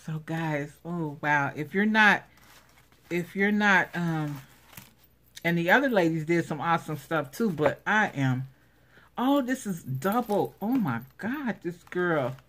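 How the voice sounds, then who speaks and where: Lady with a low voice gushing over craft goodies, slow and easy, says wow a lot. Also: animated, fairly bright tone. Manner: gushing, exclaims over each item. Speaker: craft vlogger showing giveaway prize. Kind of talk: casual unboxing commentary.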